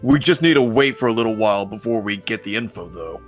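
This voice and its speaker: A man's voice: on the low side, lively intonation, fast, soft background music. A man reading visual novel dialogue aloud with friends, with easygoing line reading.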